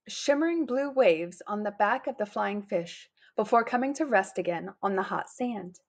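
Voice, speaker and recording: A woman reading a children's picture book aloud, bringing the characters' lines to life with lively put-on voices. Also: a little high. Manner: animated, putting on lively character voices for quotes. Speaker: storybook reader.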